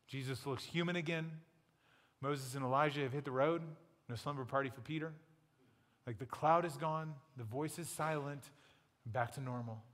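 A man with a fairly high voice preaches a sermon, telling the story in a relaxed, playful, conversational way. His voice rings out with a long reverb, as in a large church hall. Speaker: pastor.

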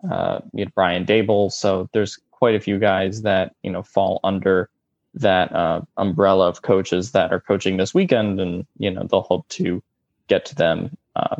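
A man talks through a casual sports discussion in stop-start phrases, padding them with fillers and restarts. His voice sits a little low. The sound is dull and muffled, with a dry, close feel and no room around it. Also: steady tone, creaky, darkish tone, no echo. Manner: halting, many fillers and restarts.

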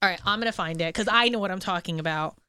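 A woman's voice: on the low side, fast talker, pushed and bright, clear, resonant tone, no echo. A woman from New Jersey co-hosting a casual chat, blunt and swearing, often laughing.

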